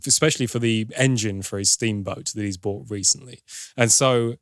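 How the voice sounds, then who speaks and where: A man's voice: on the low side, no room sound, clean studio sound. A man, a podcast film reviewer, chattily retelling a film's plot with wry, sarcastic asides. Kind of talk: casual plot recap.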